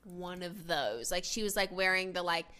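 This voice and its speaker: A young woman with an Australian accent chats casually, her voice bright and clear. She tells stories in an animated way, filling them with "like" and quick asides. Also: fairly low pitch, soft background music. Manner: animated storyteller, lots of "like", laughs often. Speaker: podcast guest. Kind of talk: casual chat.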